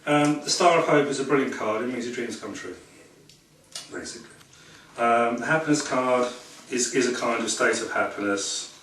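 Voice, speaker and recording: A man's voice: medium pitch, normal speed, a bit bright. A man reading tarot cards for a small audience in a chatty, rambling way, often laughing at his own stories. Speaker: tarot reader. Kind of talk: casual talk to a small audience. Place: room at a public talk. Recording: echoey room, far from the mic, noisy.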